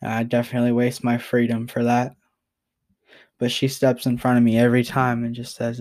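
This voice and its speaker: A young man speaks directly to the camera in a personal vlog, his mid-range voice flat, a little mellow, and moderately paced. He rambles, halts, and repeats himself, sounding emotional and close to tears.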